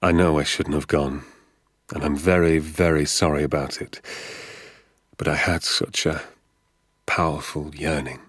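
A man voicing a gentle, quiet father who speaks in a slow, hushed, confiding way in a storybook reading. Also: rumbling low, steady tone, no room sound, clean studio sound.

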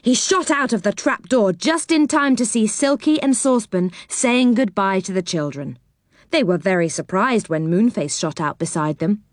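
Narrator: woman, animated storybook reading, dry close sound. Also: medium pitch, moderate pace, no echo. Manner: expressive, lively reading. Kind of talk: children's story read aloud.

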